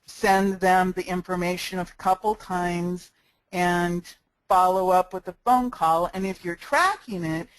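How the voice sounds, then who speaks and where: This woman, a sales and marketing instructor, has a lowish voice and an unhurried delivery as she leads a step-by-step screencast tutorial. A cheap headset mic picks up her friendly, practical, smiling tone. The recording is dry and rough.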